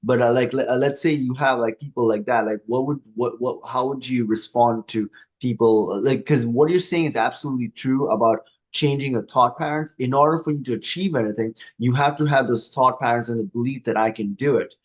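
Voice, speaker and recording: A man hosting a podcast, putting questions to his guest in a loose, halting way, stumbling through restarts and "like"s. His voice sits at a middle pitch for a man. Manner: halting, many fillers and restarts. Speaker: podcast host. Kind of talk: conversational interview.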